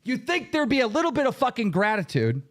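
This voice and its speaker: Host, male, high lively voice, furious profane rant that keeps breaking into shouts. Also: quick pace. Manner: profane, heated, bursts into shouting. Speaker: show host. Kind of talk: angry livestream rant.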